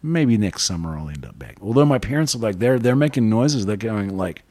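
A man from New Zealand hosts a record show with loose, chatty patter between songs. His voice sits low, and the sound is dry and close with no room around it. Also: fairly quick, no room sound. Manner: relaxed, rambling, chatty. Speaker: radio DJ.

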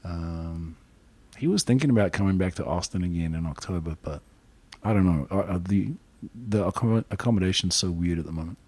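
A man from New Zealand hosting a radio show, chatting in a relaxed, rambling way between records. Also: sits low, a little fast, slightly rough, dry recording.

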